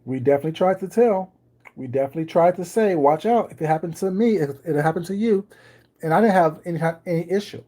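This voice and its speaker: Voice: medium pitch, fast, dark tone. A chatty livestream host talks casually to viewers from a home kitchen while something bakes. The delivery is wry and ironic, with viewers greeted by name along the way.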